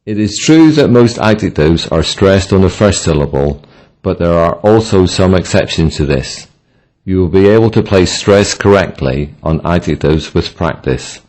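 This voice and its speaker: A man narrating a scripted pronunciation lesson, reading example words one by one in a measured way. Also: sits low, lively intonation, darkish tone. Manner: measured, reads word lists one by one. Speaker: English pronunciation instructor.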